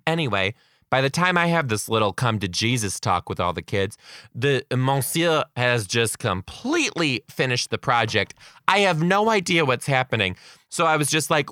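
Young male storyteller, expressive and swear-happy, bright tone, close dry mic. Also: mid-range voice, normal speed, no echo. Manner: animated, swearing, acts out kids' voices. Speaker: kindergarten teacher. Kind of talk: casual storytelling.

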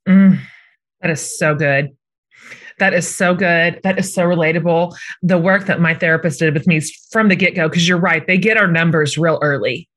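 A woman podcast host with a lowish voice chats casually. She affirms her guest with eager, enthusiastic agreement. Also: steady tone, normal speed, a bit bright. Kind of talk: casual chat.

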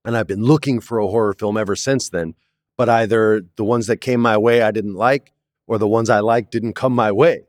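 A man's voice: fairly low pitch, moderate pace, no room sound, clean studio sound. A man in his forties, an actor guest, telling stories in a casual interview and acting out the quotes. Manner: animated storyteller, acts out quotes, says "man" often. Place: studio, in person.

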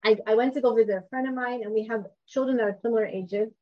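A woman in her thirties teaches a class in a conversational, informal way. She often stops to ask her listeners questions. Her voice sits a bit high, and the recording sounds somewhat dull and lo-fi. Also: fairly even intonation, fast. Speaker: Torah teacher. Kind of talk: informal class talk to a group.

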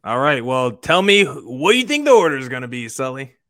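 A man co-hosting a sports talk show, giving emphatic, quick opinions. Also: mid-range voice, big pitch swings, a bit bright, no room sound, studio quality. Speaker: podcast co-host. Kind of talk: casual sports chat.

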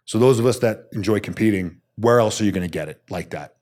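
Talking fast in a lowish voice, an Army special forces soldier in his thirties tells stories as a guest on a podcast. The interview is casual, and he's an animated, blunt and salty storyteller who performs the quotes.

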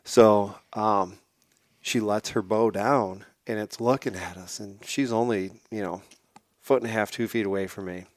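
A man as a podcast guest, telling a hunting story in a casual, animated way and acting out what people said. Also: lowish voice, measured pace, no room sound. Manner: animated, acts out quotes.

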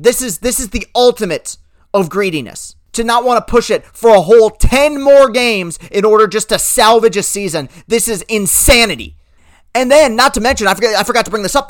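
A solo sports podcaster delivers an indignant rant, sliding from wry self-correction into loud, exasperated outbursts. The voice sits at an ordinary mid pitch. It is recorded close and dry, with no room sound. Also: lively intonation, brisk, no echo. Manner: impassioned, indignant ranting with rising outbursts; self-deprecating, perfectionist asides.

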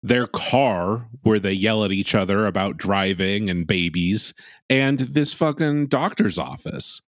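A man's voice: fairly low pitch, lively intonation, a little slow, no echo, studio quality. A young man co-hosting a podcast, sarcastic and swearing casually. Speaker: podcast co-host. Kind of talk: casual chat recapping a reality show.

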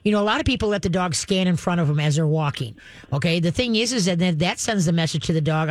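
A woman dog trainer answers callers on a radio show in a dry, close recording. She explains leash handling step by step. She drops into a soft, low voice to act out calm commands to a dog. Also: fast talker, dry recording. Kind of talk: call-in radio advice.

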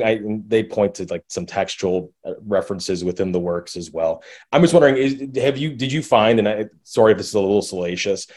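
A man's voice: fairly low pitch, darkish tone. A man hosting a podcast who asks long, hesitant questions full of fillers and restarts. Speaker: podcast host, interviewer. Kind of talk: conversational interview.

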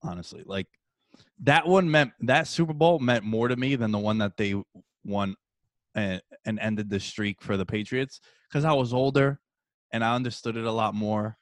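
Animated man, dry close sound. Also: lowish voice, moderate pace, no room sound. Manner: animated storytelling, swears and says dude. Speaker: sports podcast host. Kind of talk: casual sports chat.

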